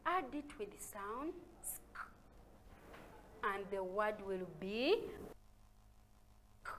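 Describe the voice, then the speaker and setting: A woman with a Ugandan accent teaching a reading lesson to young children, sounding out syllables slowly and calling out each sound with loud emphasis. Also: mid-range voice, animated, a little hiss or hum. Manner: slow, sounds out syllables with loud stressed calls. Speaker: primary school teacher.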